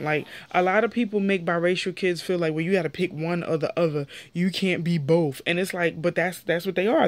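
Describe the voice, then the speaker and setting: A young woman gives a casual, opinionated recap of a reality TV episode. She talks in a lively way and jumps up in pitch whenever she quotes someone. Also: no room sound. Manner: animated, opinionated, jumps pitch when quoting people. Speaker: show reviewer.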